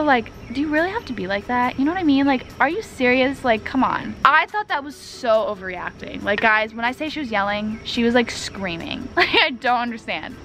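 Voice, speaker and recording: A young woman chatting to her viewers in a casual Q&A vlog. Her voice sits fairly high and leaps up when she gets into a story. Faint background noise sits under her speech. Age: young adult. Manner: chatty, lots of "like" and "you guys"; animated storytelling, pitch jumps up. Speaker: vlogger.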